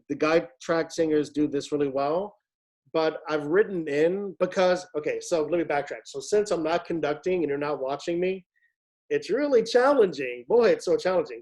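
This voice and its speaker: Guy walking a virtual choir thru latin diction, kinda high voice, patient, sings the sounds out. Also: a little mellow. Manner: patient, demonstrates sounds by singing them. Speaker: choir director. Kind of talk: online rehearsal instruction.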